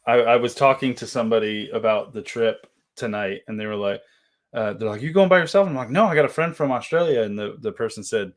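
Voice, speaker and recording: A man co-hosting a casual live stream from an office, relaxed and passing along chat comments. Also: medium pitch, fast. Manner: easygoing, relays chat comments, chuckles.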